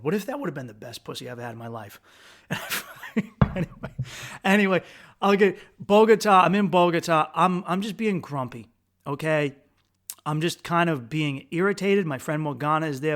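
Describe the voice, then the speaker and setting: A man from the United States hosting a podcast, telling a travel story in a rambling, crude, self-mocking way with quick restarts. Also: a little high. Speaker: podcast host. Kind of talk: casual storytelling monologue.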